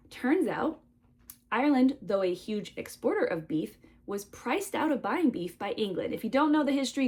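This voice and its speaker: Chatty woman with a high voice. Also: a little mellow. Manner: chatty, rambling with asides and fillers. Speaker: vlogger. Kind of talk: casual storytelling to camera.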